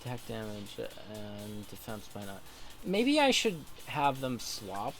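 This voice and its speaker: A man's voice: on the low side, wildly swooping pitch, slow pace, a bit bright, soft background music. A man streaming a game, thinking aloud in casual, mumbly commentary.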